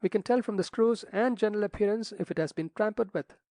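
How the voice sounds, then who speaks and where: A man voicing an impatient young squire who speaks brisk and direct. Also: high-pitched, warm tone, dry recording, pitched above the performer's own voice. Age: young adult.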